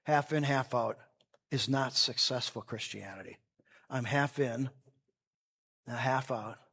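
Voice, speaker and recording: A man preaching a sermon, swinging between loud fervent passages and quiet earnest ones, acting out the characters of a parable in their voices. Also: mid-range voice, measured pace, breathy edge. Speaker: pastor.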